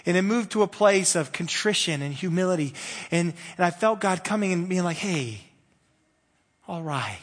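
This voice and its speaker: A man preaching a sermon in a conversational way, moving between loud, fervent passages and soft, hushed ones. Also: high-pitched, a little fast, in a large hall. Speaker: pastor.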